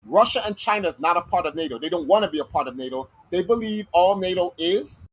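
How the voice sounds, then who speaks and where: An American man hosting a casual podcast monologue, talking in slangy, animated speech and acting out quoted voices. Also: sits high, fast, breathy edge, rough recording. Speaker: podcast host.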